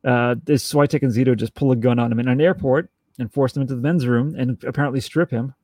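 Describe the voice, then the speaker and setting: A man co-hosting a podcast in casual chat, acting out scenes in quick little voices. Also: mid-range voice, steady tone, dark tone, no echo, clean studio sound. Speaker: podcast co-host.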